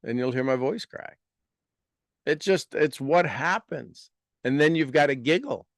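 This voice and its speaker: A man speaks in an earnest, explanatory way, then leads his listeners through affirmations at a slow and deliberate pace. His voice sits at an ordinary middle pitch, and the sound is dry and close, with no room echo. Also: vocal fry. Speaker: speaker guiding an audience. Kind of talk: motivational talk with guided affirmations.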